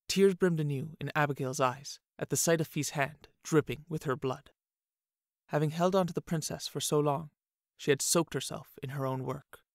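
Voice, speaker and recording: Male narrator for a fantasy audiobook; steady, dry, close-miked read. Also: a little high, no room sound.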